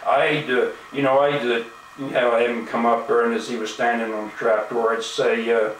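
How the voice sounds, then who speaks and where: A man's voice: mid-range voice, flat delivery, normal speed, slight background noise. A man delivering an angry, profane video-blog rant, full of indignation and "you know" fillers. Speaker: video blogger. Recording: echoey room, mic at a distance.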